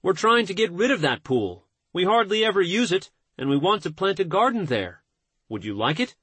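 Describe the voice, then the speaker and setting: A man reading the lines of a friendly homeowner who offers away an unwanted pool, in a husky, fairly high voice. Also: sing-song, normal speed, sharp tone, no echo, exaggerated voice.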